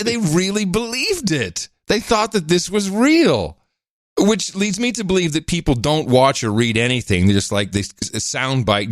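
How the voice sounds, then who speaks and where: Animated male podcast co-host. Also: on the high side, unhurried, dry recording, studio quality. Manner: animated, mimics voices when quoting. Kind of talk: casual chat.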